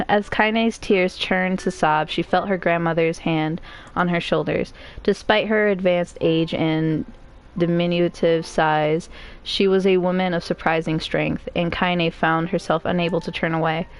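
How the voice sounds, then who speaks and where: A woman's voice: fairly low pitch, fairly even intonation, unhurried. A woman streamer reading a novel aloud in a casual way, breaking off for joking asides.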